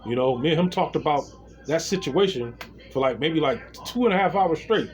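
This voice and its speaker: A man talking straight to camera in a loose, unscripted monologue, his voice sitting a little high for a man and swinging up and down as he tells his story. He swears freely and keeps turning to his viewers to address them directly. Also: expressive, brisk, faint music behind. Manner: talks straight to viewers as "y'all". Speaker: vlogger.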